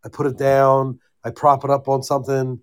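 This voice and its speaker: A man's voice: medium pitch, monotone, normal speed, clear, resonant tone. A man co-hosting a podcast in casual chat, with easygoing, self-deprecating banter. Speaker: podcast co-host.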